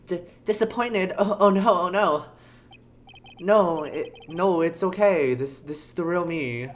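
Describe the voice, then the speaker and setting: A streamer putting on a soft, sleepy drawl. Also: mid-range voice, unhurried, a little hiss or hum, pitched above the performer's own voice, lightly acted. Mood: flustered. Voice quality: soft sleepy drawl, loosely New Yorker. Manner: meek, apologetic. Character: gentle soft-spoken man, shy studio actor.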